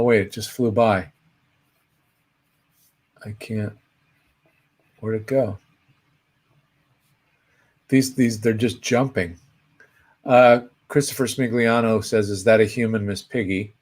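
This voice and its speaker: A man's voice: lowish voice, slow pace, long pauses. A man co-hosting a casual live Q&A, telling a story and acting out the people in it. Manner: animated storyteller, acts out quoted voices. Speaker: co-host answering viewer questions.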